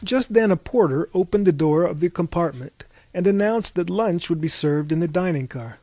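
A male narrator reading a novel aloud at an even, wry pace, his voice set slightly high for a man. The recording is close and dry, with no trace of room sound. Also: moderate pace, no room sound.

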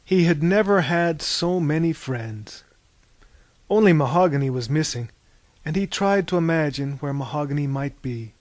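Male storyteller, slightly raised pitch, dry booth, animated reads. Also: moderate pace, no room sound. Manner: animated, bursts into loud high character shouts. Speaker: narrator. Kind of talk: audiobook narration.

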